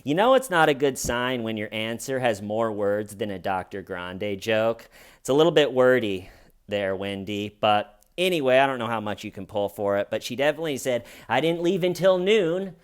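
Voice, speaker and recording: A man's voice: on the low side, lively intonation, normal speed, clear, resonant tone. A man giving sarcastic, comedic true crime commentary with wry asides.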